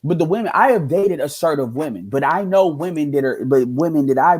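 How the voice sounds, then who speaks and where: A man's voice: on the high side, lively intonation, fairly quick, a little mellow, breathy edge. A man giving casual reaction commentary as a streamer, ranting in a heated, profane way.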